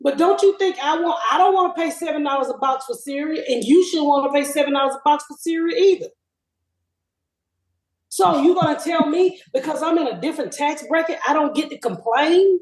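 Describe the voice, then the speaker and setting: A high-voiced woman in her fifties holds forth on her comedy podcast. She is loud, profane and animated as she tells her stories, and she speaks over a remote connection that keeps cutting out. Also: fairly quick. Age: 50s. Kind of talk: casual podcast chat. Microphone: remote call with a patchy connection.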